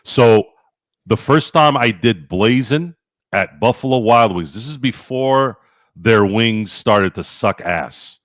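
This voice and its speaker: A man hosting a podcast, telling stories in casual chat, animated and profane, acting out his own past lines. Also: mid-range voice, slow pace, no echo, studio quality. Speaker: podcast host.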